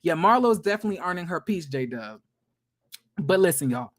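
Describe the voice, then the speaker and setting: A man giving a casual reality TV recap, with a blunt, profane and gossipy manner that is animated and quick to laugh. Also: fairly high pitch.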